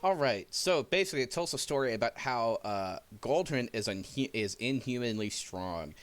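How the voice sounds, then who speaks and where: A man's voice: medium pitch, lively intonation, moderate pace, no room sound. A man narrating as game master in a casual, rambling way, swearing freely.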